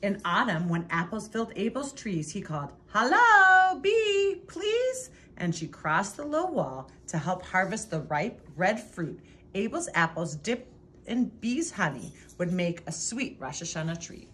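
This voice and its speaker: A woman reading a children's picture book aloud in a lively, expressive way. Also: on the low side, normal speed, a little hiss or hum. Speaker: storybook reader.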